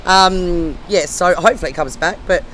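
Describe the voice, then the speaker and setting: A middle-aged woman guest, hoarse and husky from laryngitis, chatting casually with lots of ums and restarts. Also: fairly low pitch, normal speed, a bit bright, a little hiss or hum, poor audio. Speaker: comedian guest. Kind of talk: casual chat.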